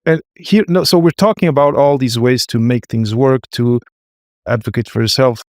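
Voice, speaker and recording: A man hosting an interview podcast, speaking haltingly with frequent restarts and affirming fillers. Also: mid-range voice, no room sound, studio quality. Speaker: podcast host. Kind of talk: interview conversation.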